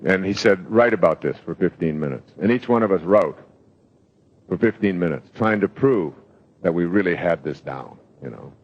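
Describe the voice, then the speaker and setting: Low-voiced man telling stories. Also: lively intonation, moderate pace, highs cut off. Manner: storytelling, rambling with fillers. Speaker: self-help speaker. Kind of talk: live motivational talk.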